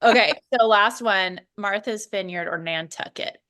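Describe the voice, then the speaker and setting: A woman co-hosting a podcast in casual chat, playful and teasing, quick to laugh. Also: medium pitch, pushed and bright. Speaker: podcast co-host.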